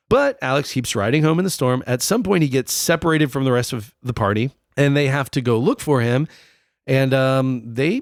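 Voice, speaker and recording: On a comedic history podcast, a young male co-host cracks jokes, swears freely and does silly voices while telling the story. He has a medium-pitched voice, and the sound is clean studio audio without echo.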